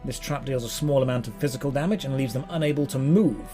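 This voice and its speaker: A man streaming a game, chatting playfully with quick asides. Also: mid-range voice, dark tone, soft background music. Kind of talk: casual gameplay commentary.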